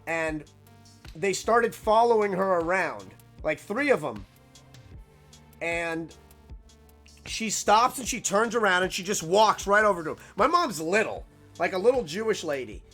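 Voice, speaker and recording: A young man telling a casual, rambling story, animated and full of "like" fillers. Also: high voice, measured pace, soft background music.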